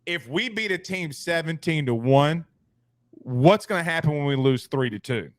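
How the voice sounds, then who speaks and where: A man hosts a casual sports talk show, rattling off stories fast and full of slangy asides. His voice sits a little high. The sound is dry and close. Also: animated, dry recording. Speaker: podcast host.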